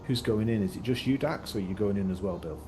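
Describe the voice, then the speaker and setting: Game master, male, low voice, rambling narration, noisy background. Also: fast talker. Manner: loose, rambling, heavy on fillers.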